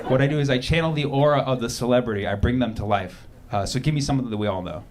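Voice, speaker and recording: A man's voice: medium pitch, racing. A man doing a stand-up set, brash and mock-outraged, working the crowd. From United States. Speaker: stand-up comedian. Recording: loud background noise.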